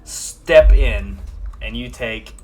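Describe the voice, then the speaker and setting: A man's voice: mid-range voice, drawn-out words, warm tone, slight background noise. A man narrating as game master in a casual, laughing way with lots of fillers.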